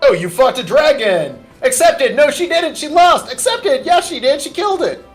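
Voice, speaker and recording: A man voicing a rowdy male bettor who yells excitedly from a crowd during a tabletop game. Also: very high voice, soft background music, pitched above the performer's own voice. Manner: yelling, excitable, rapid-fire. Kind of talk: tabletop game role-play.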